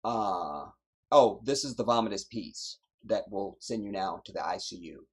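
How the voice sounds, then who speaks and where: A man with a husky, slightly breathy voice delivers livestream commentary. He talks in an emphatic, preaching way and hammers his points by repeating phrases. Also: fairly low pitch, expressive, moderate pace. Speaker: livestream host.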